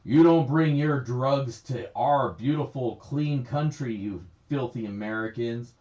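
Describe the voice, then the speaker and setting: A man's voice: medium pitch, unhurried, mellow, lightly acted. A man voicing a sneering foreign official who scolds an American, in a vague put-on foreign accent. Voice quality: mocking, contemptuous. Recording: echoey, slightly dull stream audio.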